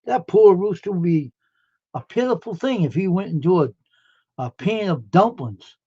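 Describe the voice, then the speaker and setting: A man hosts a casual live stream and chats with his viewers in a folksy, rambling way. His voice sits a little high for a man. The audio is dull and lo-fi. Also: expressive, moderate pace, warm tone, husky. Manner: folksy, chatty, answers chat comments.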